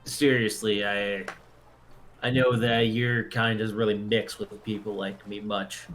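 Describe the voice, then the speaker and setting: A man's voice: lowish voice, level tone, a little slow, fairly bright tone, faint music behind. A man playing a tabletop game. He talks in a rambling way and laughs often. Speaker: player. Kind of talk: tabletop role-play.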